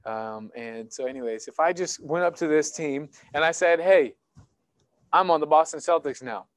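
A man preaching a sermon in church, animated and conversational, acting out little exchanges as he goes. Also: on the high side, normal speed, dry recording, clean studio sound. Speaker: pastor. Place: church sanctuary.

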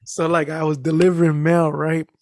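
A man telling a story in casual podcast chat, animated and profane, acting out the people in it. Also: fairly high pitch, normal speed, dry recording, studio quality. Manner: animated, profane, acts out the people in his stories.

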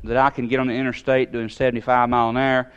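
A man telling a long personal story in a sermon, in a folksy, animated way with sudden jumps in pitch. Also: quick pace, smooth, muffled recording.

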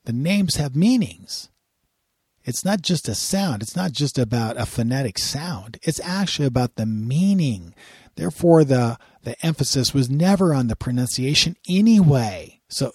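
A man's voice: medium pitch, darkish tone, breathy edge, no echo, clean studio sound. A man giving a sermon-style Bible lesson, earnest and often repeating words as he starts a phrase. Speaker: Bible teacher.

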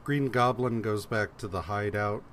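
A man's voice: on the low side, normal speed, fairly bright tone, slight background noise. A man on a podcast recapping a comic casually, swearing and acting out the characters' lines as he goes. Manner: profane, acts out characters' lines while retelling. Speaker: podcast co-host.

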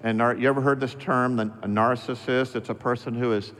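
A middle-aged male pastor delivering a sermon with emphatic, slow, repeated refrains. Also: mid-range voice, steady tone, a bit bright. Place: church sanctuary. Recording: long reverb of a church hall.

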